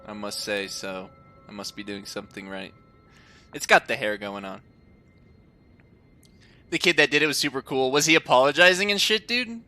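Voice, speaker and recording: A man's voice: medium pitch, sharp tone. A young man streaming a game, chatting casually with viewers, laughing often and swearing freely. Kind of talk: casual chat while gaming.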